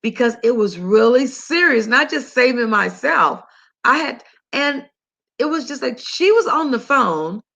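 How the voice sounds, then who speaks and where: An older woman hosting a health talk, telling a story in a chatty, animated, conversational way. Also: fairly high pitch, unhurried, gravelly, highs cut off. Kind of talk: casual monologue to listeners.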